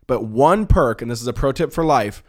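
Fast-talking rambling man podcast host. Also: medium pitch, animated, darkish tone. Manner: rambling, enthusiastic, many fillers and restarts. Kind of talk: casual chat.

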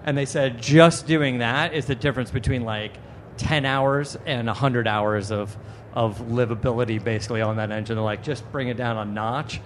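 A male podcast host chats casually about track driving from a trade show booth. His voice sits at a middle pitch and he acts out quotes as he goes. A faint hum of ambience lies behind him. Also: steady tone, moderate pace. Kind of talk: casual chat.

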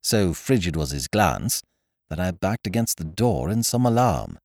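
A man narrating a story in an expressive, animated reading on a close microphone. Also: deep voice, a little slow, dry recording. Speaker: podcast narrator.

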